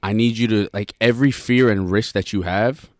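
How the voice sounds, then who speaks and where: A man's voice: on the low side, moderate pace, dry recording, clean studio sound. A young man co-hosting a podcast in casual chat, rambling with restarts and slang. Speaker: podcast co-host.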